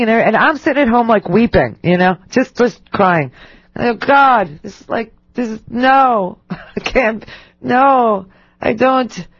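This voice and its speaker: A woman's voice: medium pitch, no echo. A middle-aged woman talk radio host riffs in a loose, self-mocking monologue, full of fillers and restarts. Her voice sits close and dry on a studio mic, with a slightly dull, muffled sound. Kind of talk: casual on-air monologue.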